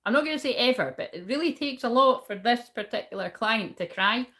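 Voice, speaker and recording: A woman's voice: fairly high pitch, lively intonation, brisk, fairly bright tone. A young woman giving a casual spiritual reading, rambling and swearing often. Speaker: spiritual reader and shaman.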